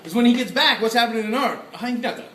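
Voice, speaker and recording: A man giving a lively convention panel talk, excitable, laughing often and acting out his own reactions. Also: very high-pitched, rapid-fire, a little hiss or hum. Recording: echoey room, from far off.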